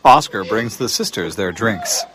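A narrator reading scripted audio description in a calm, neutral way. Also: mid-range voice, measured pace.

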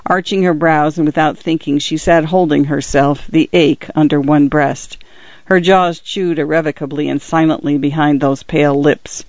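A man giving measured, even literary audiobook narration. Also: a little high, dry recording. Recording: dull, lo-fi, dry recording.

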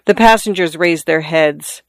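Smooth, clear narration of a classic tale. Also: medium pitch, no room sound. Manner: measured, descriptive storytelling. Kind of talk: scripted narration of a classic story.

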